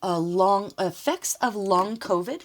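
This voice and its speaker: A woman's voice: mid-range voice, takes it slowly. Chatty, emotional woman doing a tarot reading. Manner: chatty, emotional, rambling, laughs often and apologizes for talking. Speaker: tarot reader. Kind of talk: casual spoken tarot reading.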